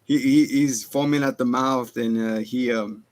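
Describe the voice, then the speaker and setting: A man's voice: mid-range voice, fairly even intonation, a little slow, no room sound. A man co-hosting a casual movie review, rambling through the plot and acting out characters' lines. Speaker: podcast co-host.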